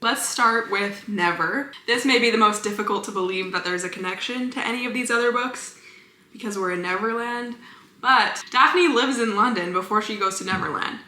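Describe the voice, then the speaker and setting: A chatty woman vlogging about books, her voice bright and a little sharp as she gushes about favorites. Her words bounce around an echoey room, with fast enthusiastic asides. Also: medium pitch. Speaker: book vlogger. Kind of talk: casual book review chat.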